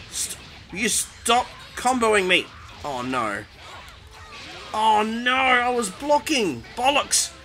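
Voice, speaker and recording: Excitable man, lively high voice. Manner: excitable, panicky reactions, talks to opponent. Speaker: gaming YouTuber. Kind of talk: live gameplay commentary. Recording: game music behind voice.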